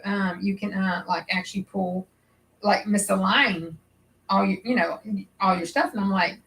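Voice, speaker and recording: A woman's voice: mid-range voice, moderate pace, a bit bright, a little hiss or hum, poor audio. A woman hosting a crafting livestream, chatting nervously and rambling as she thinks aloud. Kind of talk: casual livestream chat while sewing.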